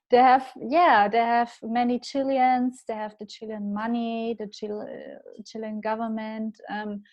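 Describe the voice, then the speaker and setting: German-accented woman in her thirties, pitched a little high and taking her time, halting speech with lots of laughs, chatting as a podcast guest. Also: little pitch movement, a little mellow, dull audio. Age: 30s. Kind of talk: casual interview chat.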